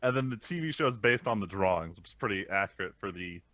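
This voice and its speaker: A man's voice: lowish voice, expressive, fast, sharp tone, no echo. A man co-hosting a casual podcast, ranting and explaining at length with some swearing. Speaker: podcast co-host. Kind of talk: casual chat.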